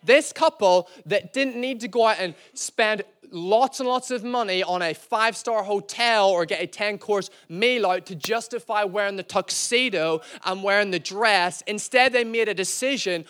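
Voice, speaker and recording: A man's voice: high voice, normal speed, few pauses, fairly bright tone, smooth. A man preaching a sermon, telling a playful, self-deprecating story and calling out to the church. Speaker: pastor.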